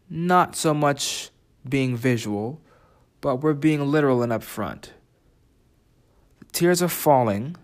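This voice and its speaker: A man teaching a writing lesson, reading quoted lines and asking the listener reflective questions. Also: mid-range voice. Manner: reflective, asks listeners questions, reads lyric quotes slowly. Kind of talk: spoken lesson comparing translations.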